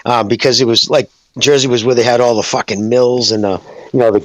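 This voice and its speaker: A man's voice: mid-range voice, fairly even intonation, fast, dry recording. A man in casual podcast chat, laughing along and swearing casually as he recalls old jokes.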